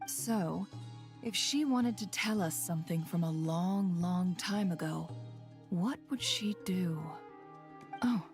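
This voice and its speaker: A woman's voice: lowish voice, big pitch swings, slow, long pauses, faint music behind, heavily acted. A wry, resolute female scholar. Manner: analytical, dryly witty.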